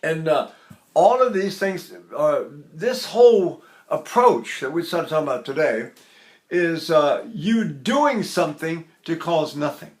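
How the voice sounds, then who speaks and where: A man's voice: a little high, lively intonation, unhurried. Older male voice teacher, echoey room. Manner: explains, then breaks into sung la and pa exercises. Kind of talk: singing lesson with vocal demonstrations.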